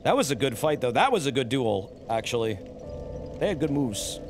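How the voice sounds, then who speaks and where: A man chatting casually to viewers while streaming a game, excitable and quick to shout and exclaim during fights. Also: mid-range voice, music in the background. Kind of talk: casual live-stream gameplay commentary.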